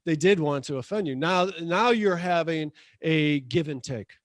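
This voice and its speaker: A man in his fifties co-hosting a podcast, chatty and quick to laugh in casual conversation. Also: fairly high pitch, no room sound, studio quality. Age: 50s. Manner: animated, chatty, laughs easily. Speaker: podcast co-host.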